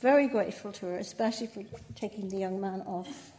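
A woman's voice: medium pitch, normal speed, very noisy. An older woman with a Northern Irish accent speaking as a poet guest in an interview. She talks in a chatty way, laughs often and makes self-mocking asides. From Northern Ireland. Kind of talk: conversational interview.

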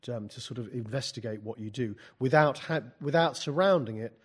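A man leading a poetry class talks in halting bursts, often restarting and repeating words, and drops dry, wry asides. He moves between loose teaching talk and reading aloud from his own book. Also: mid-range voice, slightly rough.

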